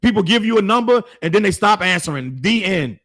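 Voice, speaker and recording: A man's voice: high voice, expressive, brisk, a bit bright. A man hosting a commentary show, giving blunt, heated opinions in slangy speech and repeating his points for emphasis. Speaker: show host.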